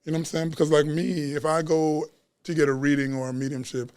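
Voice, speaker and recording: Man, chef guest, casual chat, animated, slangy, fairly high voice, dry sound. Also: fast, smooth, no echo. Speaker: chef and Reiki practitioner, podcast guest. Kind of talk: casual chat at a live podcast taping. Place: bookstore event space.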